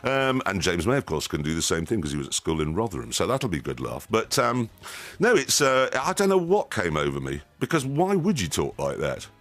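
Man, fifties, from yorkshire, rambling radio guest, lowish pitch, very lively intonation. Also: brisk, few pauses. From Yorkshire, England. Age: 50s. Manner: jokey, self-deprecating, rambling. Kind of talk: casual radio chat.

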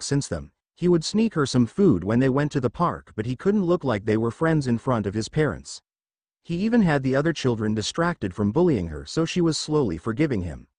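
Male fanfiction narrator, expressive audiobook read, dry close mic. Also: medium pitch, dry recording.

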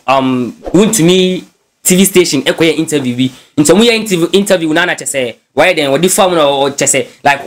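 This man's voice is a little high as he riffs on gossip in a lively, casual way. He's a news blogger from Ghana, and English phrases keep slipping into his talk.

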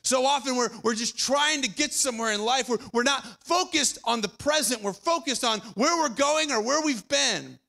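A young man preaching a sermon as pastor, conversational, repeating phrases and dropping quiet for emphasis. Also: very high-pitched, normal speed, vocal fry, few pauses. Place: church auditorium.

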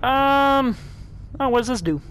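A man voicing a nervous, goofy male frog puppet in a high, thin, nasal voice, commenting jokily and in a panic while he plays in character. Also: expressive, a little slow, background noise. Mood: scared. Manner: panicky, jokey, blurts out beep-boop noises. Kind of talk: in-character let's play commentary.

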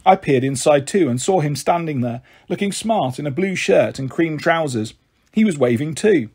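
A man with a slightly high, husky voice reads a children's novel aloud. He narrates gently and shifts his tone as he moves between characters. The delivery is steady and made for young listeners. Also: moderate pace. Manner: gentle, voices the characters with raised and lowered pitch. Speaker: storyteller reading aloud.

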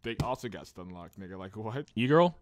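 A young man trolling strangers over video chat in a crude prank-banter style. He gets loud and teasing, switching into fake outrage at the slightest thing. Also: lowish voice, lively intonation, fairly quick.

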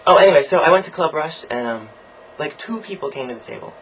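A young man recording a casual video diary, ranting about college in a campy, sarcastic and profane way, swinging his pitch and volume up and down as he jokes. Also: lively intonation, quick pace, vocal fry, a little hiss or hum, rough recording. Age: young adult. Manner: sarcastic, jokey asides. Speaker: college student vlogger.

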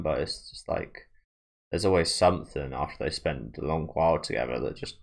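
A man's voice: deep voice, gravelly. A man hosting a manga reaction video, talking casually in a rambling, self-deprecating way with many fillers and restarts. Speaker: channel host reacting to a manga.

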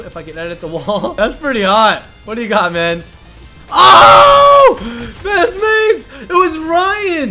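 A young man hosting a game show event, talking over gameplay with bursts of shouting and laughter. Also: high-pitched. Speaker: gaming YouTuber hosting a fashion show. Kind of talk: excited gameplay commentary.

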